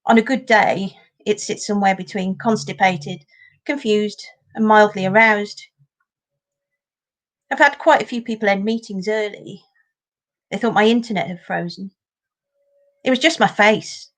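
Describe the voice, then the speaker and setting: A woman's voice: mid-range voice, unhurried, long pauses. Woman comic from northern England, dry sarcastic stand-up delivered over a webcam. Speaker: stand-up comedian. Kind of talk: deadpan stand-up set. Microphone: home video call.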